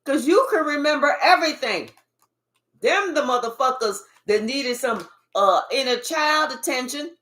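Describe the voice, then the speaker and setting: A woman's voice: high voice, animated, normal speed, fairly bright tone. A woman spiritual card reader giving a livestream reading to viewers, talking emphatically with lots of swearing and teasing.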